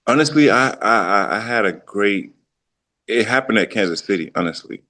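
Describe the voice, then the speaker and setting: Deep-voiced man telling his story. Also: animated, normal speed, pushed and bright. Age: 30s. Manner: loose and conversational, many restarts, quotes his own thoughts aloud. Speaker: podcast guest, former pro football player. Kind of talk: casual reflective storytelling.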